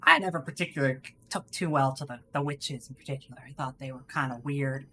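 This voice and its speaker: A woman's voice: extremely low pitch, fast, pushed and bright, slight background noise. A woman streamer putting on a Texas accent, rambling and swearing in a drawl through gaming livestream commentary. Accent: put-on Texas.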